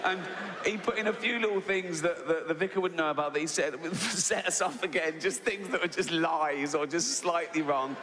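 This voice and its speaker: With a crowd audible behind him and a long hall reverb, the sixty-something English comedian tells his stand-up stories in a voice on the high side at normal speed. He keeps adding "right?" and laughs through his jokes.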